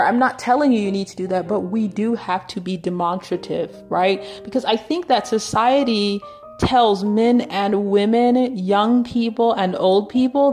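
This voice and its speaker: A woman's voice: medium pitch, darkish tone. A woman giving a conversational Bible teaching, often checking in with "right?" and "you know".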